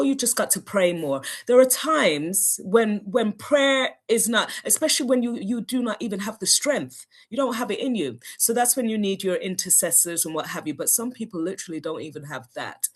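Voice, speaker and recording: A woman, a podcast guest and wellbeing coach from South London, sharing her faith story candidly with a lot of laughter. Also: low voice. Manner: earnest, animated, laughs often. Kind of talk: candid testimony in a faith interview.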